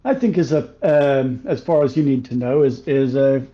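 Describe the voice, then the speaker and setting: A man playing a tabletop game, talking in a halting, stumbling way. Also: mid-range voice, expressive, lo-fi sound, soft background music. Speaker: player. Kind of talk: casual tabletop play.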